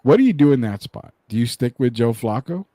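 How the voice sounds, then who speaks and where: A man co-hosting a sports talk show, animated, rattling off game stats and picks. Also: medium pitch, brisk, dry recording, studio quality. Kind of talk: casual sports debate.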